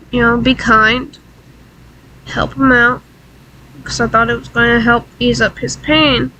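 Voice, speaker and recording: A woman vlogger telling an emotional personal story in a halting, tearful way, often pausing and fighting back tears. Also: fairly high pitch, pushed and bright, a little hiss or hum, rough recording. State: crying.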